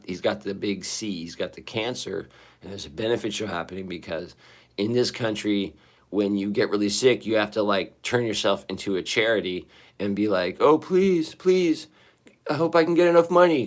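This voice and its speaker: Sitting in a bathroom, a livestreamer chats casually with his viewers, rambling and swearing. His voice is fairly low and fairly quick, hoarse and shaky after singing.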